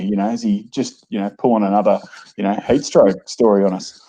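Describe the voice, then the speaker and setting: A man's voice: on the low side, level tone, fairly quick, mellow, slightly rough. A man, telling a rambling story in casual chat, full of "you know" and "uh", on a dull remote line. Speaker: guest.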